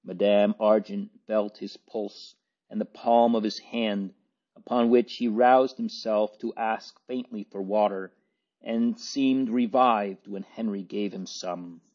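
A man reading a novel aloud as an audiobook narrator, in a measured, even storytelling manner. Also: lowish voice. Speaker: audiobook reader. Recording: dull lo-fi recording.

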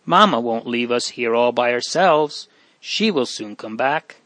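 A man's voice: mid-range voice, animated, measured pace, a bit bright, no room sound. A man reading an audiobook, voicing a frightened, hungry little boy who wails and pleads. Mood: puzzled. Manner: wailing, pleading.

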